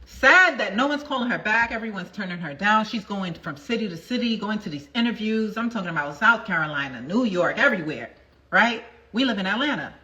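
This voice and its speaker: Emphatic, bright-voiced woman coach. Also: mid-range voice, animated, brisk, dull audio. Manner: emphatic, repeats phrases for effect; chatty storytelling with asides to viewers. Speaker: manifestation coach. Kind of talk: motivational livestream talk.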